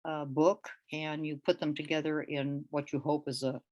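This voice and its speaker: A woman giving a poetry reading as the featured poet, delivering her lines in a deliberate, measured way with pauses between them. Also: low-pitched, level tone, a little mellow, highs cut off. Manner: hesitant, with fillers, when speaking off the page.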